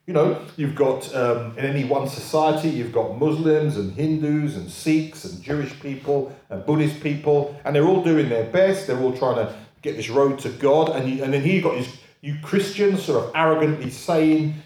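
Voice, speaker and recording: A man's voice: mid-range voice, lively intonation, moderate pace, a little mellow, reverberant. A man preaching a sermon, repeating key phrases for emphasis and putting rhetorical questions to the congregation.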